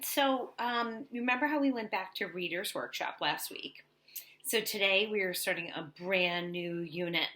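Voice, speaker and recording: A young woman teaching an online reading lesson to young children, animated and sing-song. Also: medium pitch, normal speed. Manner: animated, sing-song, talking to little kids.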